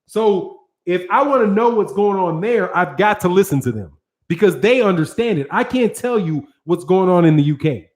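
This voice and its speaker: High-voiced American man ranting profanely. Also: animated, moderate pace, a little mellow. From United States. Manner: profane, slangy, rambling rant. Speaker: boxing channel host. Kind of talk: casual ranting commentary.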